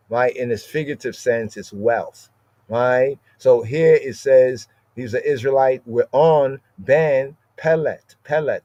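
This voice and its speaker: With a mid-range, slightly mellow voice and no room sound, a man gives informal scripture teaching on a podcast. He repeats words and asks "right?" after almost every point, in dry, slightly dull audio.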